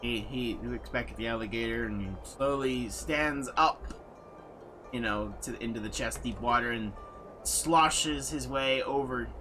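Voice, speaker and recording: A man narrating as game master in a playful, lively manner. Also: medium pitch, unhurried, slight background noise.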